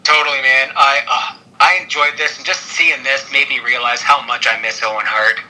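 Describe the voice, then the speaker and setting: A man from Canada co-hosting a podcast, chatting casually, excited and joking. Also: medium pitch, normal speed, a little hiss or hum, low-quality recording. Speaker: podcast co-host. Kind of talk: casual chat.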